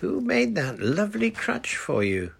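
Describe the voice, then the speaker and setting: A man's voice: wildly swooping pitch, measured pace, creaky, slight background noise, full character voice. A man voicing an eager, imaginative young girl. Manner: eager, high and bright.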